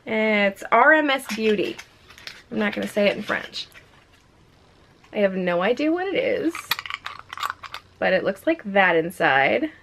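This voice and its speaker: A young woman vlogging a makeup unboxing at home in a chatty, excitable, self-mocking way. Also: mid-range voice, measured pace, vocal fry, long pauses, a little hiss or hum. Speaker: beauty vlogger. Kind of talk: casual unboxing vlog. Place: home room with a ring light.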